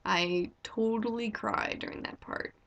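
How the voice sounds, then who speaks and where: A young woman in casual chat, reviewing a film in an excited, gushing way with lots of "like". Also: medium pitch, unhurried, creaky. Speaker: vlogger reviewing a movie.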